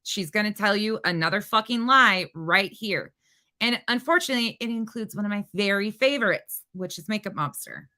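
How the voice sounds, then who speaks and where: A woman's voice: medium pitch, animated, normal speed, pushed and bright. A woman streamer reacting to a clip with angry, profane commentary, talking back at the person in it.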